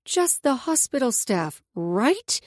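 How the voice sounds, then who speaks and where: A woman narrator voices a fiery young heroine who is sharp-tongued and quick to explode, sounding outraged. Her high-pitched, exaggerated delivery jumps around with big pitch swings, loud and biting. It's recorded close to the mic in a dry studio with no echo.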